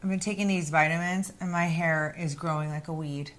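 A woman's voice: low voice, fairly even intonation, a little fast, a bit bright. A woman co-hosting a podcast, talking in a chatty, emphatic, gossipy way. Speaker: co-host. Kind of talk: casual podcast chat.

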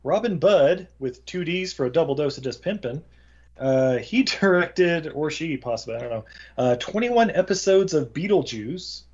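Brief: male podcast host, joking and quick with film credits, slightly high voice, dull lo-fi audio. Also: animated, darkish tone. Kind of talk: casual movie chat. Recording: dull lo-fi sound.

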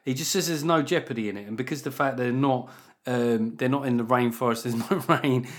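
Sweary podcast host. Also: male voice, medium pitch, fairly quick. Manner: rambling, sweary, sardonic. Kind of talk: casual podcast chat.

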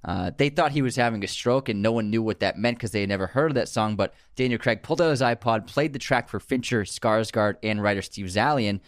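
A man co-hosting a podcast, reading film trivia in long relaxed runs and laughing easily. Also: lowish voice, a little fast, few pauses, dry recording, clean studio sound. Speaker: podcast co-host.

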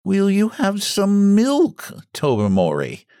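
A nervous society hostess, strained and apologetic, as a man puts her on. Her voice is pitched a little higher and is held taut. The recording is close and dry. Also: wildly swooping pitch, slow, warm tone, clear, resonant tone, no room sound, exaggerated voice. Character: nervous upper-class hostess.

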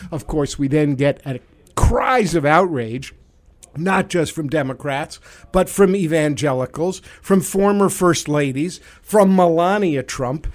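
A man's voice: fairly high pitch, lively intonation, measured pace. A man hosting a talk radio show, telling stories in a casual, sarcastic, joking way. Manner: sarcastic, jokey storytelling.

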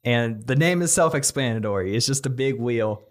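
A young man telling a comedic movie pitch on a podcast, laughing often and acting out the characters' lines. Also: normal speed. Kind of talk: casual comedic storytelling.

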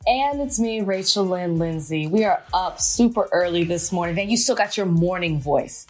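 A woman's voice: lowish voice, animated, moderate pace, a little mellow, soft background music. A chatty woman in her thirties co-hosting a casual podcast. She talks in an easygoing, conversational way, drifts into personal stories and laughs readily. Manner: chatty, laughs easily, storytelling. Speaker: podcast co-host. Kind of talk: casual chat.

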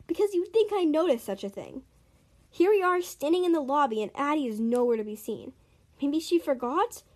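A woman reading her own made-up story aloud, earnest and expressive, with small stumbles. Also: high-pitched.

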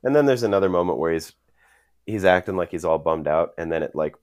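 A man's voice: sits low, quick pace, darkish tone, no room sound. A young man co-hosting a podcast, chatting casually and enthusiastically and acting out quotes. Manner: enthusiastic, acts out quotes, says "dude". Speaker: podcast co-host. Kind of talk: casual chat.

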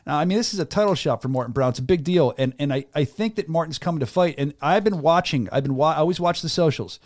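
A man's voice: on the high side, darkish tone. A man with a Philadelphia area accent hosting a casual combat sports chat, enthusiastic and full of restarts. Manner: fast, enthusiastic, lots of restarts. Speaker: show host. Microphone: studio mic.

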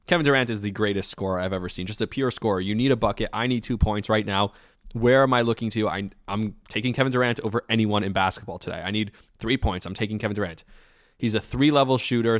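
A man hosting a podcast, giving casual, opinionated sports commentary in an animated way. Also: lowish voice, no echo, clean studio sound. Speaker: podcast host.

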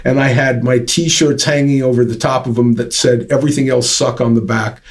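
A man's voice: mid-range voice, fairly even intonation, moderate pace. Chatty man spinning a long anecdote. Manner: rambling anecdote with lots of fillers and restarts. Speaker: interview guest, drum company founder. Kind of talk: casual storytelling.

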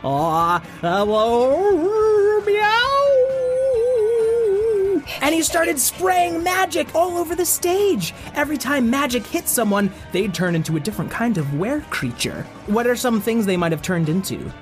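A man hosting and improvising a children's story, playful and expressive, asking his young co-teller questions. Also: very high voice, normal speed, hardly any pauses, soft background music. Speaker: host and storyteller.

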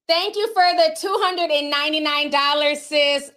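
A woman's voice: high voice, normal speed, fairly bright tone. A woman livestreamer reading out viewer donations in a casual, candid and outspoken way.

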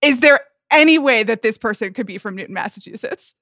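A woman co-hosting a podcast in casual pop-culture chat, wry and quick with her critiques, close to the microphone. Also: fairly high pitch, expressive, a bit bright, dry recording. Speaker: podcast co-host.

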